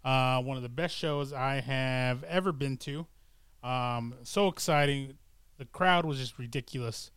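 A man's voice: medium pitch, a bit bright, smooth, no room sound. A middle-aged man chatting casually to camera, rambling and hesitant, with many fillers and restarts. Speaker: vlogger. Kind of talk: casual chat.

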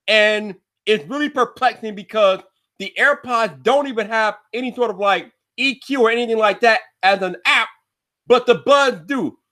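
A man's voice: high-pitched, normal speed, bright, forceful tone. A man hosting a solo tech podcast, talking in a brash, slangy and emphatic way.

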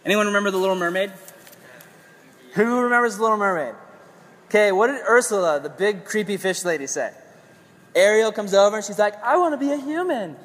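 A man preaching a sermon in an energetic, conversational way with playful asides, his voice a little strained as he is losing it. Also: sits high, a little fast, long pauses, long reverb tail.

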